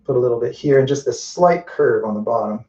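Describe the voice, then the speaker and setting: A man demonstrating a painting live, thinking aloud in a relaxed way with frequent restarts and asides as he works. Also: mid-range voice, brisk, muffled recording. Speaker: painting instructor. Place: indoors at a painting wall.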